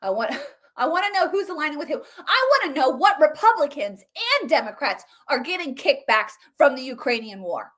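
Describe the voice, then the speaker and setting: A woman with a high voice that leaps all over the place, ranting and mocking as a commentary host. She talks in a sarcastic, animated way. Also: a little fast. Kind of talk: political commentary.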